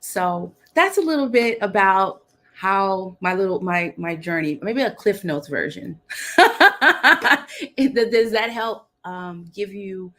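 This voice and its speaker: A woman's voice: medium pitch, lively intonation, unhurried. A young woman from Dallas talks as a guest over a video call. She is bubbly and upbeat and laughs often in easy, casual chat. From Dallas, Texas. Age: young adult.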